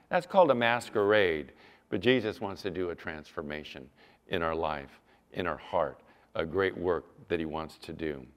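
Man preaching in a reverberant church. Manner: animated preaching, mimics whiny apologies in a higher voice. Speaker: pastor. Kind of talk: sermon. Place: church sanctuary.

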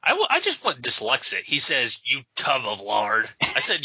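A man's voice: medium pitch, huge pitch swings, moderate pace, pushed and bright, husky, dry recording. A man co-hosting a comedy podcast, narrating a comic aloud with dry asides. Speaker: podcast co-host reading a comic. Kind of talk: casual comedic read-along. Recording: slightly dull, dry lo-fi sound.

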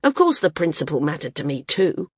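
A woman's voice: low voice, very animated, brisk, slightly rough, dry recording, studio quality, full character voice. A woman voicing a lean, cheerful but stubborn male flyer in an audiobook, reading his lines earnestly and argumentatively. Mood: heated.

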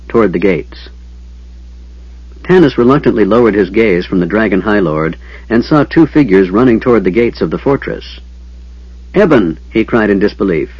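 A man narrating a fantasy audiobook in a steady, dramatic storytelling manner. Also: lowish voice, slightly rough, dry recording. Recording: dull lo-fi.

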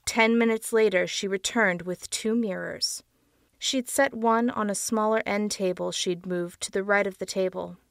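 A woman narrating a dark tale for an audiobook in a measured reading. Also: medium pitch, steady tone, creaky, no echo, studio quality. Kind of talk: storybook narration.

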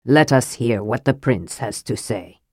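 A woman's voice: extremely low pitch, unhurried, darkish tone, no echo, clean studio sound, voice pushed down. A woman voicing an older male dwarf chieftain who speaks politely but proudly and without fear. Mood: commanding.

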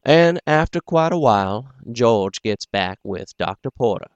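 A man hosting a podcast and reading a book aloud, in a dry, self-deprecating way with casual pauses. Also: medium pitch, animated, smooth, no room sound, muffled recording. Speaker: podcast host and audiobook reader. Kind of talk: casual audiobook narration.

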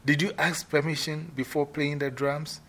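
Man doing a queen mother, older woman, stern, shrill, loud, scolding. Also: flat delivery, moderate pace. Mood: questioning. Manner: scolding, loud and high-pitched.

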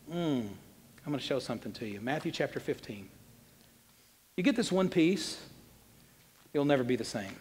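Animated preacher in a reverberant hall. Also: male voice, medium pitch, normal speed, long pauses, husky. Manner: animated, swings between loud emphasis and quiet asides. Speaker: pastor. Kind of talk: sermon. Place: church sanctuary.

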